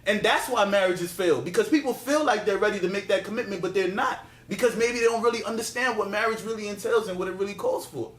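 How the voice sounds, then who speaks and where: Insistent high-pitched man debating. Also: fast talker, hardly any pauses, a bit bright, roomy sound, low-quality recording. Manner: insistent, repeats himself, talks over others. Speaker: podcast host. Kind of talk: heated casual debate.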